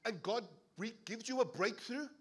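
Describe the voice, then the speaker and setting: A South African-accented man preaching a sermon as pastor, animated and playful, laughing as he jokes with the congregation. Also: very high voice, moderate pace, slightly rough. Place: church service.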